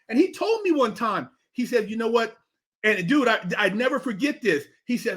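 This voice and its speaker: Middle-aged guy, really high voice for a man, swears constantly, acts out every quote. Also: brisk. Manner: animated, emphatic, heavy swearing, acts out quotes. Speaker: podcast guest. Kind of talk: casual chat, storytelling.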